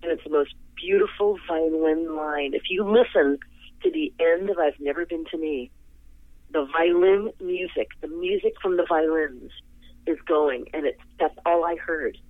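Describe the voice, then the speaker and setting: A man guest talking on the phone, telling a long story in a rambling, animated way. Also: normal speed, no room sound. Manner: animated, rambling, jumps to high pitch in quoted reactions. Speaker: interview guest, singer. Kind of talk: casual storytelling. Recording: tinny phone line.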